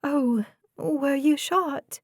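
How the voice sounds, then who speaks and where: A frightened young woman in shock, voiced by a woman narrator. Her voice pitches up high and sounds shaky and anxious. Dry, close audiobook recording. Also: drawn-out words, no room sound, exaggerated voice.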